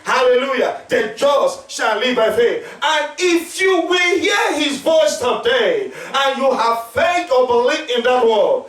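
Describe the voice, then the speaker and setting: A man's voice: very high-pitched, lively intonation, takes it slowly, hardly any pauses, fairly bright tone. Male pastor, fervent call-and-response preaching, echoing church heard from a distance. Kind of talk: sermon. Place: church hall. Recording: echoey church, mic at a distance.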